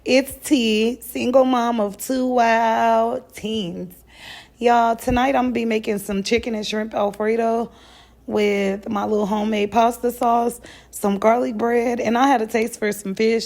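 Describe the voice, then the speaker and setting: Hoarse, gravelly-voiced woman chatting while cooking. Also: a little high, a little mellow. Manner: chatty and rambling, says "y'all" often. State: sick, hoarse voice. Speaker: vlogger. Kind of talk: casual cooking vlog chat.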